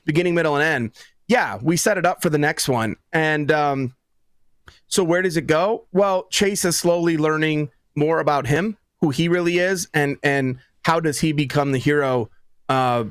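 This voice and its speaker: A man chatting as a guest author over a video call, with a fairly high voice and a dry, close sound. He tells stories with energy and acts out the lines of the people in them. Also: normal speed, no room sound. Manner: lively storyteller who acts out quotes. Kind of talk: casual interview chat.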